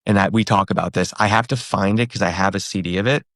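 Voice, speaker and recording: A comedian in his thirties telling a story in a casual interview, animated, acting out the other people in it. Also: on the low side, fast talker, no room sound, clean studio sound. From New York and Pennsylvania. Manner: animated, acts out quoted voices. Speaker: comedian guest.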